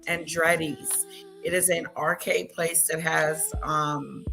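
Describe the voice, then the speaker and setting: A woman hosting an online show, signing off to her live chat in a rambling, casual way with frequent pauses. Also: fairly low pitch, a bit bright. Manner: rambling, frequent ums, slow.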